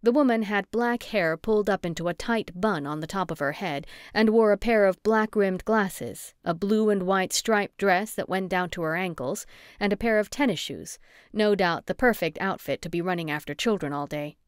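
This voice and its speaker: A woman reading a first-person cozy mystery audiobook with steady, clear storytelling. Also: mid-range voice, normal speed, no echo, studio quality. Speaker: audiobook narrator.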